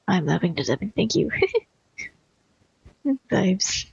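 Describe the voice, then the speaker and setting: Gravelly woman streamer chatting offhand. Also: medium pitch, big pitch swings, slow pace, pauses often, darkish tone, no room sound, muffled recording. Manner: laughing, swearing, offhand. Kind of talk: casual gaming chat.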